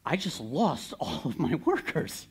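A man's voice: a little high, very animated, measured pace, husky, full character voice. A man voicing a powerful ancient king who is exasperated and alarmed, in a sermon. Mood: dismayed. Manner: exasperated, rising disbelief.

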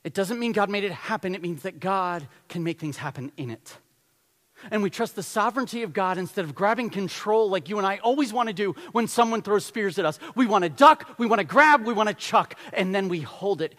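A man preaching a sermon in a fairly high voice, telling the story with animated energy and briefly acting out the characters. His voice carries a long reverb, as if from a large hall. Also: brisk. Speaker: pastor.

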